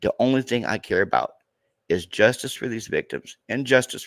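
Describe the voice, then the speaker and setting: A man in his thirties talking in a halting, emotional way in a podcast conversation, near tears and repeating himself. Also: medium pitch, lively intonation, gravelly, no echo, clean studio sound. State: tearful. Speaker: true crime content creator.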